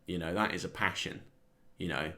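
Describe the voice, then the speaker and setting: A man with a very low, deep voice talks through a wandering comic monologue. He is sardonic and self-deprecating, and he chuckles at his own jokes between the tangents. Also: normal speed, pushed and bright. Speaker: comedian host. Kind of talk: rambling solo monologue.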